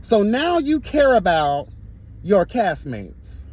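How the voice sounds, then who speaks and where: A man's voice: high-pitched, very animated, slow pace, poor audio. A man delivering a sassy, flamboyant commentary rant as an online reviewer, dramatic and full of cussing and catchphrases, a little sweaty from the gym.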